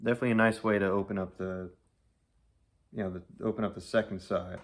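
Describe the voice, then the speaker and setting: A man's voice: sits low, steady tone, fast talker. A man giving a casual, enthusiastic, rambling album review, laughing often and gushing over songs. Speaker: music reviewer.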